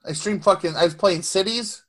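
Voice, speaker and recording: A man's voice: high voice, normal speed. A man co-hosting a podcast, chatting casually with a loose, rambling delivery, lots of swearing and restarts. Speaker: podcast co-host. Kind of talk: casual chat.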